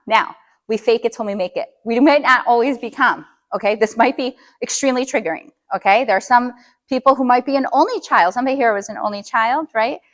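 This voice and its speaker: A woman's voice: medium pitch, fairly bright tone. A middle-aged woman coaching parents in a live workshop, checking in with the audience with frequent questions.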